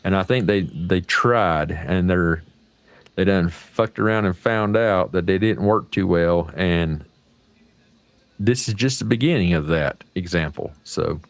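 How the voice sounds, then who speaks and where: With a low, gravelly voice, an American man runs a casual livestream chat, rambling along in a folksy way and cursing freely. The recording is dry.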